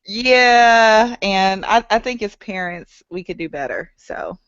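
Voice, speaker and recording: A woman's voice: medium pitch, animated, slow pace, fairly bright tone, clear, resonant tone, no echo, highs cut off. A woman chatting casually as co-host, with a dry, wry way of talking. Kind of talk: casual chat.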